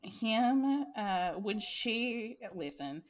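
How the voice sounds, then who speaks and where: A woman co-hosting a casual book chat, acting out characters' lines with big jumps in pitch and laughing often. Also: lively intonation, extremely slow. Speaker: book podcast co-host.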